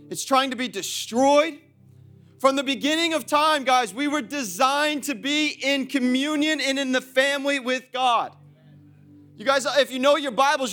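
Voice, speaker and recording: High-voiced man preaching a lively sermon. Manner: energetic, repetitive, laughs often. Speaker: pastor. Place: church auditorium.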